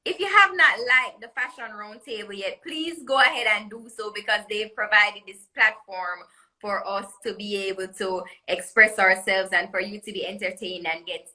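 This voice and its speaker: A bright-voiced Caribbean woman, mid-range in pitch, appears as a jewelry designer guest on a live social media interview. She's chatty, laughs often and sounds promotional, heard through a phone or webcam on a live video call with rough recording quality.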